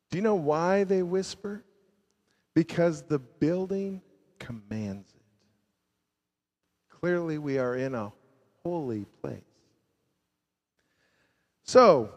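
A man preaching a sermon as pastor, swinging from loud emphasis to hushed, low endings. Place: church sanctuary. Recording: long reverb of a large church.

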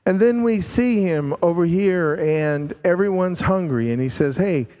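A man preaching a sermon, slow and emphatic, drawing out key words and dropping his voice low to stress them. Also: darkish tone, long reverb tail, lo-fi sound.

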